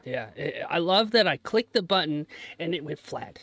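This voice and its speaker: A man's voice: a little high, expressive, normal speed, fairly bright tone, no room sound. A young man chatting casually on a live stream, joking about himself and cheering his trades on. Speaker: livestreaming day trader.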